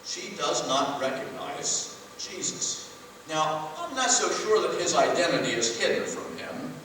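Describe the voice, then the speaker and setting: A man's voice: on the high side, sing-song, measured pace, pushed and bright, a little hiss or hum. A man preaching a sermon as pastor, conversational, and his voice rises for emphasis. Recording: echoey church hall from far off.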